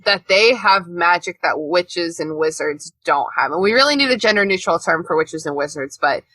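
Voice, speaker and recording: A woman co-hosts a casual podcast chat, animated and prone to laughing and swearing. Her voice is bright and close to the mic in a dry room. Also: fairly low pitch, normal speed, dry recording. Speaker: podcast co-host.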